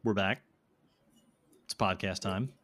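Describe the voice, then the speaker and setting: A man's voice: low voice, slow, a bit bright. A man hosting a casual podcast, joking and rambling with friends, a bit tipsy from drinking. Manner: joking, rambling, swears freely. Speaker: podcast host. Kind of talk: casual chat.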